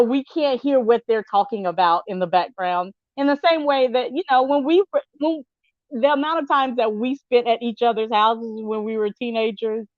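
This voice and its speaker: A woman's voice: a little high, no echo. A woman panelist speaking in a chatty, reflective way. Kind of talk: conversational discussion. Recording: dull, dry remote audio.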